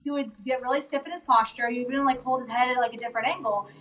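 Guest: high, bright woman, chatty and quick, filler-heavy, heard over distant, dull video-call audio. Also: fairly even intonation, a little hiss or hum. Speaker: interview guest, reality show contestant. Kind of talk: casual live Q&A chat.

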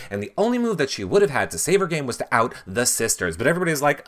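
A man hosting a casual recap show. He is tired and animated, and he mimics people in high voices. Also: rapid-fire, hardly any pauses. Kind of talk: casual commentary with impressions.

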